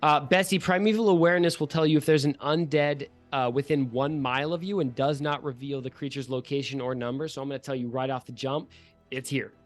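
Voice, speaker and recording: A man running a tabletop game as game master, giving vivid, profane narration with quick rules asides over a home microphone. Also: medium pitch, steady tone, faint music behind. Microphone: home microphone for an online session.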